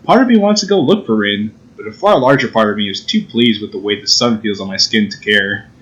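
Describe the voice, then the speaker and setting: A man's voice: fairly low pitch, animated, a little fast, fairly bright tone, lo-fi sound. A man hosting a gaming channel, reading a visual novel aloud in a playful way and joking about the story. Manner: playful, laughs at his own jokes.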